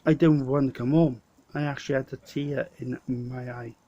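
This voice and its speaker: A man's voice: medium pitch, fairly even intonation, moderate pace, warm tone, muffled recording. A Welsh man with a stutter, telling a rambling holiday story to camera in a pub. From Wales. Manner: stuttering, rambling, self-correcting. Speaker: vlogger. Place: local pub.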